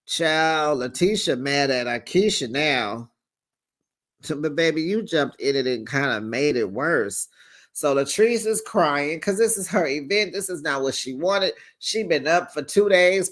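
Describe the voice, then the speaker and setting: A man hosting a casual reality TV recap, telling the story in an animated, sassy way and acting out the quotes. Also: a little high. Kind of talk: casual gossip recap commentary.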